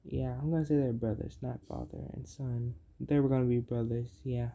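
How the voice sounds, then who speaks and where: A storyteller making up a fan-fiction tale as they go, halting, with many fillers and self-corrections. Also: medium pitch, level tone, gravelly, dark tone.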